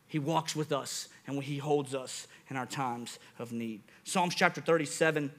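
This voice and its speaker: A young man preaching a sermon, telling stories in an animated way with big swings in his voice. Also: medium pitch, measured pace. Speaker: pastor.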